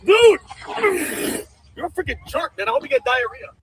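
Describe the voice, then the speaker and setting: A squeaky, rowdy wild animal bro. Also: male voice, very animated, moderate pace, a bit bright, a little hiss or hum, exaggerated voice, rough recording. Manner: rowdy, brash slang. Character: rowdy foul-mouthed male wild animal, bro-talking. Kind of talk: comedy clip.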